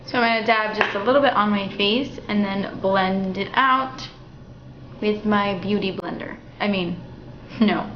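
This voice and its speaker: A young woman walking through a makeup tutorial in a chatty, relaxed way at home. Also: mid-range voice, unhurried, slight background noise. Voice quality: chatty, relaxed, thinking aloud. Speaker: beauty vlogger. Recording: dull, slightly roomy home recording.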